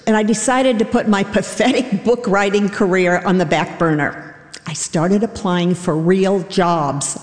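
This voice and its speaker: Woman telling a wry story in a hall. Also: medium pitch. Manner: self-deprecating, wry storytelling. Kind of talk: live storytelling on stage. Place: theater stage before a live audience. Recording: roomy hall reverb.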